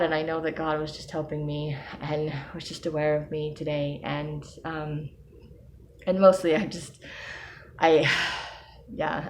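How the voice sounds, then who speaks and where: A woman speaking softly and hesitantly in a reflective personal vlog, pausing often and breaking into small laughs. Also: sits low, a little hiss or hum. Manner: soft, hesitant, with many pauses and ums. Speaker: personal video diarist.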